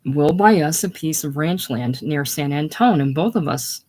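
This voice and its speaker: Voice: mid-range voice, expressive, normal speed, darkish tone, natural voice. A reader doing a blustering brash young man. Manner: defensive, blustering. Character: boastful brash young male war buddy. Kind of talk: casual play reading.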